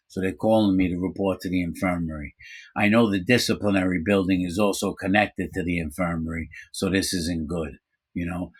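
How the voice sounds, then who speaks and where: A middle-aged man casually telling a story from his own life, animated, acting out quoted voices, with frequent fillers. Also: low-pitched, a little fast, breathy edge. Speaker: storyteller recounting his prison time.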